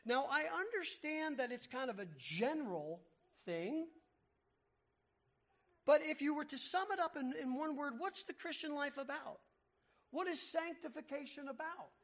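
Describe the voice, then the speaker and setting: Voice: sits high, big pitch swings, normal speed. A preacher giving an expository sermon, explaining word meanings with emphasis, repeating key words and asking rhetorical questions.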